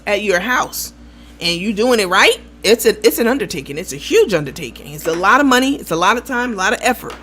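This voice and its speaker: A woman hosting a casual gossip commentary show, talking in a lively, profane way and acting out the voices of the people she quotes. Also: medium pitch, a little hiss or hum. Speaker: host.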